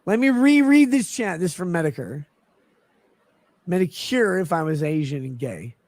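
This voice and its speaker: A man's voice: high voice, lively intonation, normal speed, darkish tone, dry recording. A drunk man talking on a livestream, rambling and swearing in exasperated outbursts. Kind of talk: rambling drunk stream talk.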